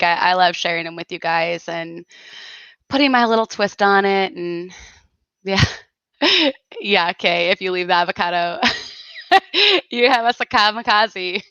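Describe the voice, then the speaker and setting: A woman's voice: lowish voice, gravelly, a bit bright, clear, resonant tone, no room sound, highs cut off. A woman hosting a casual livestream chat, giggling often and rambling with lots of fillers. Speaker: livestream host.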